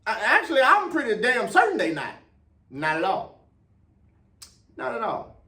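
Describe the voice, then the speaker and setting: A man on his own show with a high, swooping voice, ranting in a heated, emphatic way. He hammers the same points again and again and leans hard on key words. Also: wildly swooping pitch, sharp tone. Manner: passionate, emphatic, repeats points, drawn-out stresses. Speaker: vlog host and runner. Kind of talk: heated opinion rant to camera.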